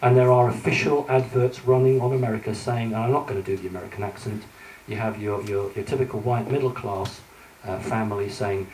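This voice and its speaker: Speaking fairly quickly in a fairly low, darkish voice with fairly even intonation, a public speaker lectures with slides before a live audience. He talks straight to them in a conversational way, often saying um and restarting. Heard from afar in a roomy hall, there's slight background noise.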